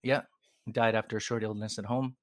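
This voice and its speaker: A man's voice: on the low side, steady tone, fairly quick, no echo, clean studio sound. A man co-hosting a podcast, chatting casually in a rambling way with frequent restarts and chuckles. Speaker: podcast co-host. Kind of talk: casual chat.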